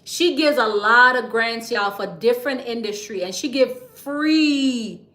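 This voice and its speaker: A woman hosts a casual livestream, chatty and quick to laugh. Her voice sits high and sounds bright. The room around her is echoey. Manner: chatty and playful, laughs often, drops into a whisper to share tips. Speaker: livestream host teaching business credit. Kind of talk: casual livestream talk to viewers.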